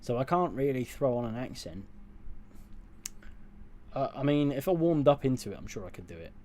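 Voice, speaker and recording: A man's voice: medium pitch, lively intonation, normal speed, mellow. A man from southwest England with a mostly received pronunciation accent touched by West Country and Northern sounds, casually answering viewer questions, rambling and correcting himself. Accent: English, received pronunciation with West Country and Northern touches. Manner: rambling, self-correcting, chuckles often. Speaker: streamer reading chat.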